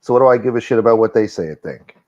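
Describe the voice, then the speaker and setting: A man's voice: fairly low pitch, lively intonation, racing, a little mellow. A man hosting his own livestream, talking casually in a defensive, profane rant aimed at his critics. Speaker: livestream host. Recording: dull lo-fi stream audio.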